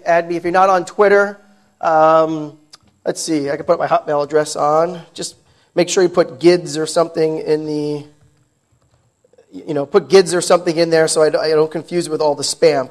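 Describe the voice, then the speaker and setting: Male American speaker with a high voice, chatty and jokey on stage at a tech conference. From New York, United States. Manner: chatty, joking with the audience. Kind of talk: technical conference talk. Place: large conference hall.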